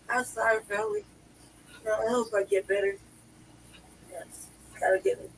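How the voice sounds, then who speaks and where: Sick woman talking quietly, half-whispered. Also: a little high, far from the mic, slight background noise, low-quality recording. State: sick, in pain, coughing. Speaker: guest on a talk stream.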